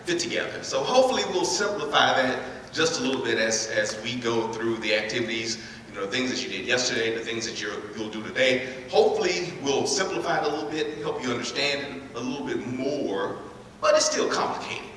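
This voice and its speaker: Man with a bright voice in an echoey hall. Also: mid-range voice, brisk, a little hiss or hum. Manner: repeats words, energetic crowd prompts. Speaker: speaker leading a school workshop. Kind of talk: interactive talk to students. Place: large echoey school hall. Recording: echoey hall recorded from far off.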